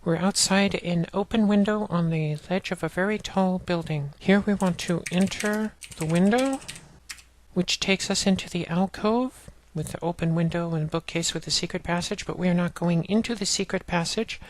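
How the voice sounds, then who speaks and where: Her voice is lowish and her pace moderate, with slight background noise in the recording. She's narrating a let's play walkthrough of an old text adventure, reading the commands and game text aloud plainly and explaining every step.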